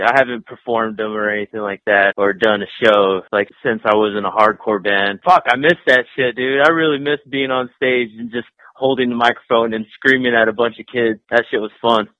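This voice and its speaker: A man's voice: mid-range voice, steady tone, moderate pace, few pauses, sharp tone, no echo. A man who works as a graffiti artist and painter, chatting casually in an interview, laid-back and profane, laughing often. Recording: dry, tinny phone-like sound.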